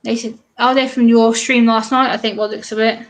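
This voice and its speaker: This woman speaks briskly, her fairly high voice held at a level tone. She comes from England, has an eastern English accent, and is a guest YouTuber chatting casually and laughing a lot during a live stream.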